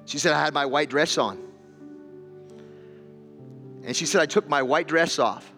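A man's voice: fairly high pitch, measured pace, faint music behind. A man preaching, telling a story with repeated words and rising intensity. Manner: storytelling, repeats words, builds to loud emotional climax. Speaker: pastor. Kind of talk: sermon. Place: church hall with an audience.

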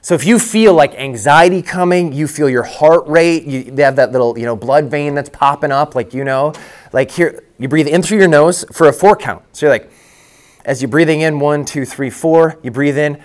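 Telling a personal story at a conference breakout, this middle-aged man, a lead pastor, speaks candidly and conversationally and often starts sentences over. His voice is on the high side, at a normal speed.

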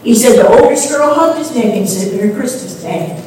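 A woman's voice: on the high side, lively intonation, normal speed, dark tone, slight background noise. A woman preaching a sermon, telling stories and rising into sung emphasis at times. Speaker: pastor's wife preaching. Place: church sanctuary. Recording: echoey room from a distance.

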